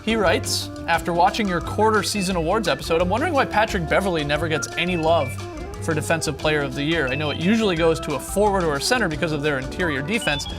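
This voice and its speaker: Playful high-voiced man hosting sports talk. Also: quick pace, over music. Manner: playful, laughs often, animated. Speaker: show host. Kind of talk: sports talk show banter.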